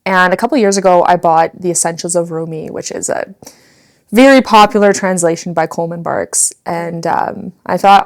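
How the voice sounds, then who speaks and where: A woman's voice: lowish voice, steady tone, normal speed. Chatty woman podcast co-host. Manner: giggly, keeps breaking into laughter while reading. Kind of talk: casual podcast chat.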